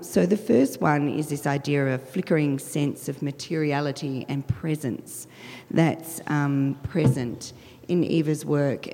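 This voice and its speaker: A woman curator, speaking through a croaky, husky voice as she presents her projects in a measured talk with frequent ums. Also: deep voice, dark tone. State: hoarse, croaky voice. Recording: long reverb of a lecture hall.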